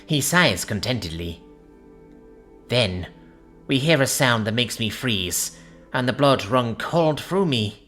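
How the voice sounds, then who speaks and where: A woman reading a first-person science-fiction story aloud in an expressive, dramatic narration. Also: a bass voice, slow, pauses often, soft background music.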